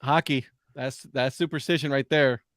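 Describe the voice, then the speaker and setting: A man's voice: medium pitch, fairly even intonation, normal speed, fairly bright tone, no room sound, clean studio sound. A man co-hosting a casual podcast, tossing in jokey asides and laughing along. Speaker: co-host. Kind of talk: casual banter.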